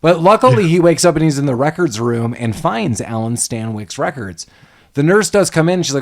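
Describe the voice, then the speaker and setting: A man's voice: a little high, a little fast. Man animatedly retelling a movie. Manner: animated retelling of scenes, laughs often. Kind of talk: casual film discussion.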